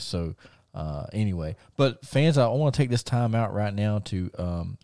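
A man's voice: on the low side, mellow, dry recording, clean studio sound. A man hosting a podcast, talking casually and loosely with lots of fillers. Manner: loose, filler-heavy promo patter. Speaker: podcast host.

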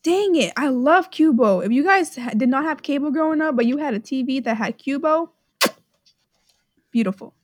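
A woman's voice: high voice, lively intonation, moderate pace, no room sound, clean studio sound. A young woman co-hosting a podcast in casual chat, rambling and giggly, with lots of "like". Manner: giggly, rambling, heavy use of "like". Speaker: podcast co-host.

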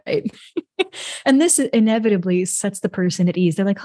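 Woman, podcast host, from New York, conversational, reflective, mid pitch, dry close mic. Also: expressive, moderate pace, warm tone, no echo. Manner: reflective, conversational, laughs often, says "right?". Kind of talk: solo podcast monologue.

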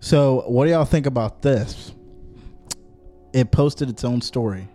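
A man co-hosting a casual podcast chat who brings up the topics, relaxed and jokey. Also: mid-range voice, a little slow, soft background music.

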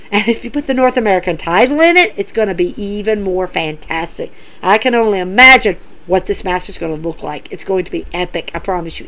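A woman recapping wrestling episodes in an excitable, animated way, retelling quoted lines as she goes. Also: fairly high pitch, poor audio. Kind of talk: casual recap commentary.

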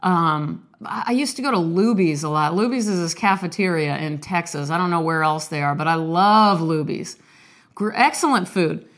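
Low-voiced woman chatting while sick. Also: moderate pace. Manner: rambling, self-deprecating, candid. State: sick, coughing. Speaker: artist vlogger. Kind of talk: casual confessional chat and poetry reading.

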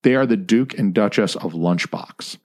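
A man co-hosting a podcast in loose, rambling chat. He jokes and swears constantly. His voice sits a little on the low side. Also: moderate pace. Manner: profane, joking, rambling. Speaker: podcast co-host.

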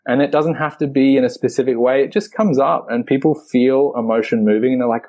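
A man's voice: medium pitch, steady tone, a little fast, few pauses, darkish tone. A man who runs breathwork sessions, talking earnestly and enthusiastically in an interview, sometimes searching for words. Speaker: breathwork facilitator. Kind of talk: conversational explanation.

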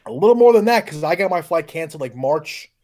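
A man's voice: on the high side, expressive, quick pace, darkish tone. A man telling a story in casual podcast chat, getting heated and swearing as he talks. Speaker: podcast guest.

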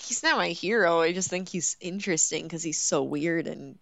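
A woman's voice: on the low side, moderate pace, creaky, no room sound. A woman co-hosting a podcast, chatting casually with a skeptical, playfully exasperated manner. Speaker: podcast co-host.

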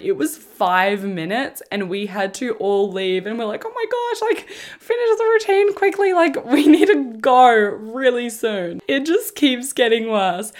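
A podcast host with a lowish voice tells a story in a casual, animated way. She swears freely and laughs along as she goes.

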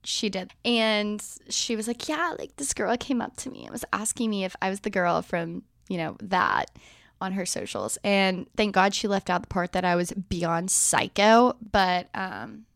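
A woman's voice: medium pitch, expressive, unhurried, vocal fry, fairly bright tone, no echo, studio quality. A young woman in her twenties co-hosting a casual podcast, telling stories with lots of laughter and acting out what people said. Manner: bubbly storyteller, laughs often, acts out quotes. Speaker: podcast co-host. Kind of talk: casual chat.

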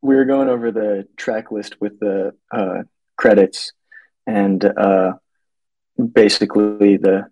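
A man's voice: fairly low pitch, little pitch movement, slow pace, darkish tone, dry recording, low-quality recording. A man calling in to a podcast, talking in a hesitant way with many fillers. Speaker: guest caller. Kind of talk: casual podcast chat.

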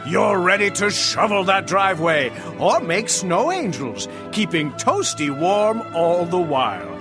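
A man voicing a smooth pitchman in a mock radio commercial, with cheesy announcer delivery over a music bed. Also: big pitch swings, unhurried, heavily acted. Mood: salesy. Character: smooth male ad pitchman selling parka pants.

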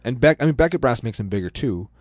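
A man co-hosting a casual podcast, explaining card-game tactics in a relaxed way. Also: medium pitch, fast talker, no room sound, studio quality. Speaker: podcast co-host. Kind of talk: casual game-strategy chat.

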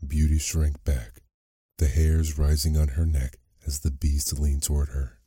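A man narrating a bedtime sleep story in a slow, soft, measured way. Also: very deep voice, level tone, breathy edge, dry recording, clean studio sound.

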